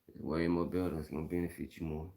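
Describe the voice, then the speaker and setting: A man's voice: very deep voice, level tone, quick pace, warm tone. A middle-aged man from Mississippi with a Southern accent, talking bluntly and casually on a live stream, repeating his points in slang.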